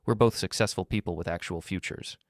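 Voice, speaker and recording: Man playing a smug, arrogant lover, taunting, a touch higher than his low voice, dry. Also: a little fast, dry recording, lightly acted. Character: arrogant smug lover, smooth-talking and cruel.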